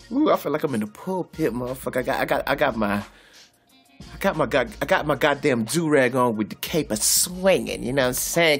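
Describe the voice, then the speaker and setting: A man doing loud, profane, comedic boxing commentary in a vlog, laughing often and calling out like a preacher. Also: mid-range voice, lively intonation, fairly quick, breathy edge, faint music behind. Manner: boisterous, profane, laughs a lot, preacher-style call-outs. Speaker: boxing vlogger.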